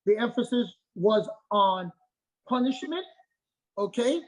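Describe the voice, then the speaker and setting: A man's voice: very high-pitched, animated, slow, low-quality recording. A middle-aged man, a martial arts master, talking as an interview guest in an emphatic, repetitive way, often checking in with "okay?". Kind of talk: casual interview talk.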